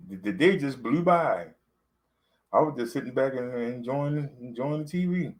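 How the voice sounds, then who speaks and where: A man's voice: mid-range voice, lively intonation, moderate pace, rough recording. A man, talking to camera in a loose, rambling vlog, full of fillers and repeats. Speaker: vlogger. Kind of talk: casual talk to camera.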